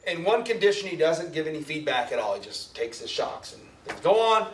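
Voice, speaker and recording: A man's voice: fairly high pitch, very animated, fairly quick, slight background noise. A man giving a chatty, jokey classroom lecture and asking his class questions. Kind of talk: classroom lecture with student discussion. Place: lecture hall. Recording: echoey lecture hall from far off.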